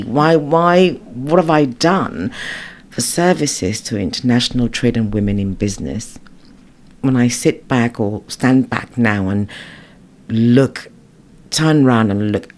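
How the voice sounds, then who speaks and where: A middle-aged woman from the United Kingdom, a guest in a casual interview, telling her stories in an animated, emotional way and acting out her own thoughts. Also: very deep voice. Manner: animated, emotional storytelling with lots of quoted inner thoughts.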